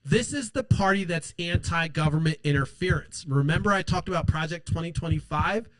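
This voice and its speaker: Guy with a high voice going off on politics, swearing a ton, sarcastic, dry close mic. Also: brisk, fairly bright tone, dry recording. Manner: angry, sarcastic, swears constantly, mocks in put-on quotes. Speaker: political podcast host. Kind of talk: profane political rant.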